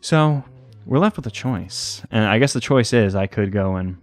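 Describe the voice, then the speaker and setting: Give me a low-voiced man casually commenting on a game, hesitant and rambling. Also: lively intonation, normal speed, no room sound. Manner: rambling, hesitant, talks to the game's pets. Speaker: let's play host.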